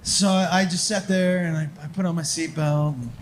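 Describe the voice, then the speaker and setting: A man's voice: on the high side, steady tone, normal speed, slight background noise. A man telling a stand-up story on stage, acting out other people's voices and sound effects. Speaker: stand-up comedian. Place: live comedy club.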